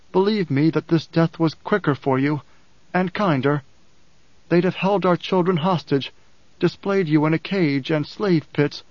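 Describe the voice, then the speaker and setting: A man voicing a young male ruler who speaks in a quiet, measured, grieving way. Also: on the high side, no echo, close to an everyday voice. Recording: dull, dry audiobook sound.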